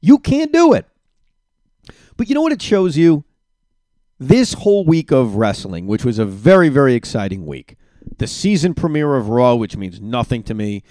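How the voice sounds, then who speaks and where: A man's voice: mid-range voice, normal speed, dry recording, studio quality. A man hosting his own solo podcast, giving opinionated and emphatic reactions in a ranting way. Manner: animated, emphatic. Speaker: podcast host.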